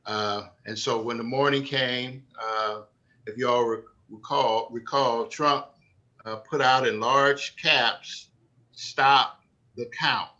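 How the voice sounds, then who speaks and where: A man moderating a church talk program, giving closing devotional remarks in an unhurried, earnest way with frequent fillers. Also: mid-range voice, steady tone, sharp tone. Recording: dull lo-fi sound.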